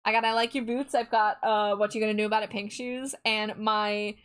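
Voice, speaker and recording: Drawing on a live stream, a woman chats casually with her viewers and reads their chat aloud in a bubbly, giggly manner. Her mid-range voice is brisk, a bit bright, and clean in tone, with a flat delivery.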